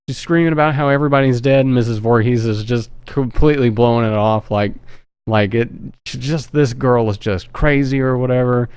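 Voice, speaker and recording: A man's voice: mid-range voice, normal speed, darkish tone, clear, resonant tone, no echo. A man retelling a movie plot in a rambling, profane, joking way. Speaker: movie reviewer. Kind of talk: casual film synopsis.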